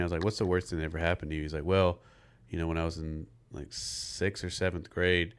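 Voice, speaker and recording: Deep voiced guy comic rambling about a show, says like a lot. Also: clear, resonant tone. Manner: rambling anecdotes, lots of "like". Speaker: podcast co-host and stand-up comic. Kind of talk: casual chat.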